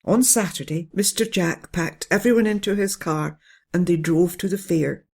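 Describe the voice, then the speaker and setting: Gentle bedtime story narrator, gravelly. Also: medium pitch, moderate pace.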